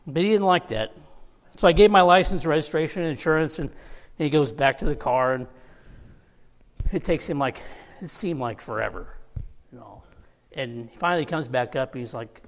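A man's voice: a little high, normal speed, long pauses. A man preaching a sermon, telling a personal story with laughs and easy asides. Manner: storytelling, laughing through anecdotes. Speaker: pastor. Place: church sanctuary. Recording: long reverb of a church hall.

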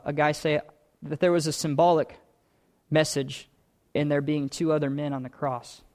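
A man's voice: a little high, darkish tone. A man preaching a sermon as pastor, earnest, stacking repeated phrases that build in intensity.

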